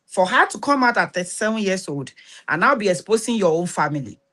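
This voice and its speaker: A woman's voice: medium pitch, lively intonation, fast, sharp tone. Earnest woman. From Nigeria. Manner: urgent and exhorting, with repeated words and restarts. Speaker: host. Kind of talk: earnest spoken talk to camera.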